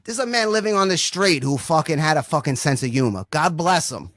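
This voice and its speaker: A man's voice: fairly high pitch, expressive, fairly quick, fairly bright tone. Rambling foul-mouthed comedian, man. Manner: rambling, swears constantly, says "right?" often. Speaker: stand-up comedian. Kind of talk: profane stand-up set.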